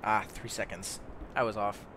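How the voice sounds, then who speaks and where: A man's voice: lowish voice, little pitch movement, normal speed, background noise. A young man casually commenting on his own gameplay, rambling and stumbling over words, easily amazed.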